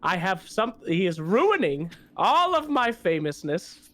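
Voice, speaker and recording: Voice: medium pitch, very animated, a little slow. A player voicing a vain, fame-hungry adventurer parent in a tabletop game, pompous and theatrical. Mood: scornful. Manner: pompous, theatrical, bursts into shouts. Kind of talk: tabletop role-play.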